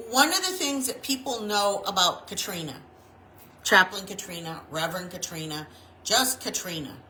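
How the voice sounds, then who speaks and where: A woman's voice: medium pitch, sharp tone. A woman chaplain giving an informal sermon, telling stories in a frank, conversational way and often repeating her words. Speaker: chaplain and reverend. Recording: echoey room with faint noise.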